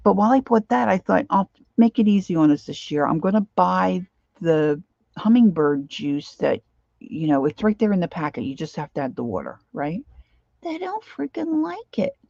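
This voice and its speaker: A middle-aged woman with a low, gravelly and husky voice chats away while she works on a craft project at home. She rambles and talks to herself as much as to her viewers. The recording sounds a little dull and muffled. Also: animated, normal speed, a little mellow, dry recording. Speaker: craft vlogger. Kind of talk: casual chatter while crafting.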